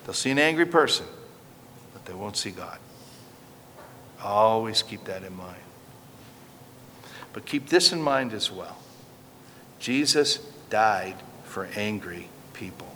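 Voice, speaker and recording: A pastor delivering a sermon, preaching earnestly and emphatically and asking the congregation rhetorical questions. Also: male voice, lowish voice, lively intonation, slow, long pauses, sharp tone, a little hiss or hum. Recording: long reverb, faint background ambience.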